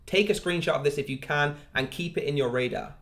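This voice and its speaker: Male crypto channel host, slightly high voice, upbeat hype, talks straight to viewers. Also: a little fast, fairly bright tone. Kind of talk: screen-share project review.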